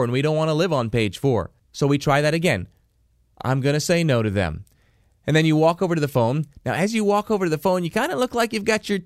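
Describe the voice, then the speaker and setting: A man giving a motivational self-help lesson, animated and quizzing the listener with questions. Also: a little high, no echo, clean studio sound. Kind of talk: motivational teaching talk.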